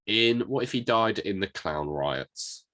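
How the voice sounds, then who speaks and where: A man co-hosting a podcast in casual chat, animated, telling anecdotes and joking around. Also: lowish voice, measured pace. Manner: animated, tells anecdotes, does impressions. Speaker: podcast co-host.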